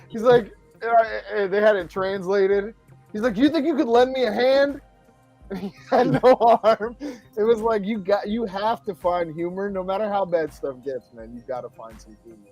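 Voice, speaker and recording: A man's voice: high voice, normal speed, a little mellow, soft background music. A man hosting a casual podcast, rambling and often laughing as he talks. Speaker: podcast host. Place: home studio, Florida.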